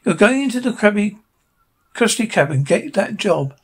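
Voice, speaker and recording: A man's voice: high-pitched, sing-song, normal speed, slightly rough, heavily acted. A man voicing a pushy male starfish friend, bossy and urging.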